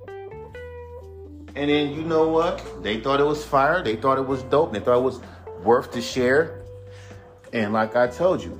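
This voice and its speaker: A man hosting his own podcast, a rapper ranting in a laid-back, rambling, profane way. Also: mid-range voice. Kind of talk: casual monologue.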